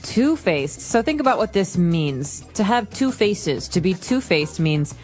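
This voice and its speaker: A woman co-hosting an English lesson podcast, explaining words clearly and acting out playful examples. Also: mid-range voice, sing-song, measured pace, a little mellow, soft background music. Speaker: co-host teacher.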